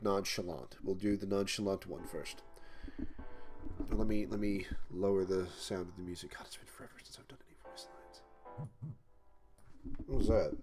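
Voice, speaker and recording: A man with a lowish voice chats loosely on a game dev livestream. He rambles, trails off and restarts his sentences, talking into a mic held off to one side. Faint music plays behind him. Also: a little mellow. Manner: rambling, full of fillers and restarts. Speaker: indie game developer streaming. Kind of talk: casual livestream chat. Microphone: mic held off to the side, no pop filter.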